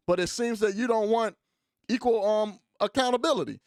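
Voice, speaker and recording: High-voiced man in a dry room. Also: normal speed, no room sound. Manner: rambling, filler-heavy, addresses listeners directly. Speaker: commentary channel host. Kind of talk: casual reaction commentary.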